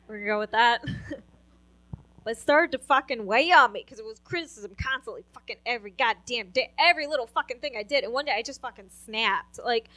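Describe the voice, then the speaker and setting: A woman's voice: high-pitched, sharp tone. A young woman doing a stand-up set on a club stage, brash and profane, laughing at her own jokes. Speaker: stand-up comedian.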